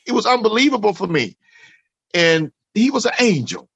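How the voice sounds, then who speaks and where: Gravelly, earnest man telling his story. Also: sits high, expressive, a little fast, bright, forceful tone, dry recording, dull audio. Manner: earnest, emphatic storyteller, repeats phrases, says "man" often. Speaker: interview guest. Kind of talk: emotional personal testimony in conversation.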